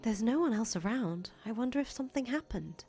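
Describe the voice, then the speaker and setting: A woman's voice: a little high, lively intonation, a little fast, darkish tone, soft background music. A woman voicing an earnest young foreign traveler who talks chattily and stammers when she gets nervous, in a fan voice acting of a visual novel.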